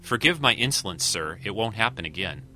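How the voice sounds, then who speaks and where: Scheming alien officer, read by a man, low, bright, fake-deferent. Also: expressive, a little fast, faint music behind. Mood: insincere. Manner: smooth, insincere politeness. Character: scheming alien male commander, falsely deferent.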